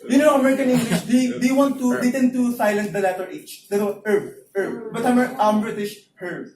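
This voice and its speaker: Young filipino man, higher voice, hesitant, quizzing the class, echoey room, mic far away. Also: fairly even intonation, quick pace, crowd noise. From Philippines. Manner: hesitant, many fillers, quizzing the audience. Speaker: student presenter. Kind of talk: classroom presentation.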